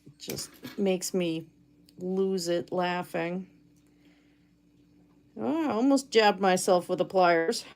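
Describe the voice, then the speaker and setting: A woman's voice: on the low side, takes it slowly, pauses often, darkish tone. A woman live streaming from her cabin, chatting casually and reading viewer comments aloud while she makes chainmaille jewelry. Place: home cabin.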